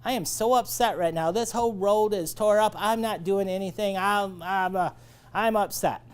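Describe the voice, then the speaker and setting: A man's voice: sits high, normal speed, clear, resonant tone, natural voice. A man voicing an irritated female business owner in a sales role-play, complaining. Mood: annoyed.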